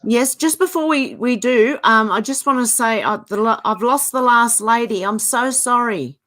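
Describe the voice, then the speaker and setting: A woman hosting a live call-in show, friendly and agreeable, quick to laugh. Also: on the high side, fairly bright tone. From Australia. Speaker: host. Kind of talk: casual call-in chat.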